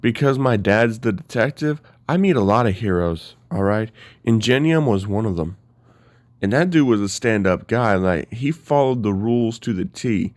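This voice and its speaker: Grim young male hero, vengeful and intense, a man voicing him in his own low voice, dry close sound. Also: animated, moderate pace, darkish tone, dry recording, lightly acted. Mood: lecturing. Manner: intense, lecturing.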